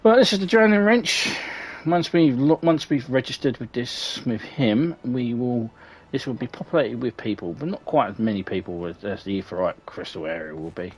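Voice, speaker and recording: A man's voice: mid-range voice, normal speed. A man streaming a game, giving casual, wry commentary and muttering asides to himself.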